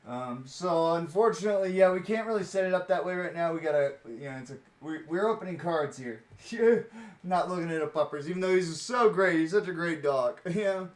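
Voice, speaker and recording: A man's voice: a little high, animated, fairly quick. A young man streaming a card-pack opening, chatting casually with many fillers and chuckles.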